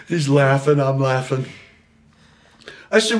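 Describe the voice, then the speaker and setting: Middle-aged man, storyteller, profane and animated, voices his own quotes, medium pitch. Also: normal speed. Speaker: podcast guest. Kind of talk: storytelling interview.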